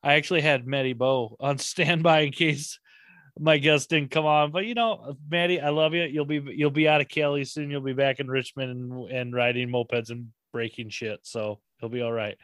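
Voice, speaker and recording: A man's voice: mid-range voice, fairly even intonation, moderate pace, a bit bright, no echo, studio quality. A young man hosting a podcast, talking in a casual, rambling and enthusiastic way, swearing often. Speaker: podcast host. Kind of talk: casual chat.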